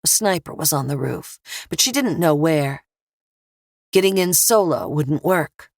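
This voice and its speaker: A woman narrating an audiobook thriller in a steady, measured read. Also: low voice, no echo, studio quality.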